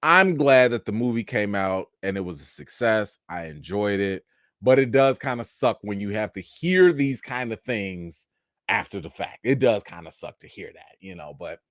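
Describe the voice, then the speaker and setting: A young man hosting a live chat show, animated commentary with mocking asides and rising near-shouts. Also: on the low side, normal speed, dry recording, clean studio sound. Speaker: show host.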